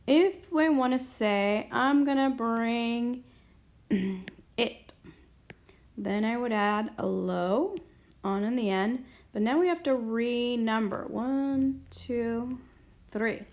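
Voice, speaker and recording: Woman, teacher. Patient step-by-step whiteboard grammar lesson, slow delivery, voice sitting a little high. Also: darkish tone. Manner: patient, explains step by step, often asks "okay?". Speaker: Spanish teacher.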